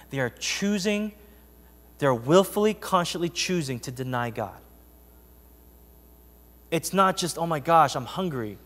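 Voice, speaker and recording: A man's voice: on the high side, long reverb tail. A man preaching an earnest, conversational sermon to his congregation and reading scripture aloud. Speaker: pastor. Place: church sanctuary.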